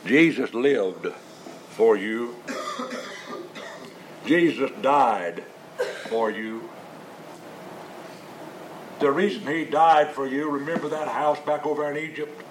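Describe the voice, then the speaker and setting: A man preaching at a very slow, deliberate pace, mid-pitched and steady. He hammers on repeated refrains and stumbles through restarts before landing each point. A faint hum of room ambience sits behind him. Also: poor audio. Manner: halting restarts and drawn-out stresses. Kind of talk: sermon.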